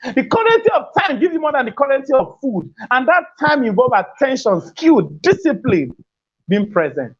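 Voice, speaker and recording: A woman's voice: high voice, sing-song, moderate pace, breathy edge. A woman gives an emphatic, preachy parenting talk, repeating her key phrases and laughing between points. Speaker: parenting speaker. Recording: dull lo-fi recording.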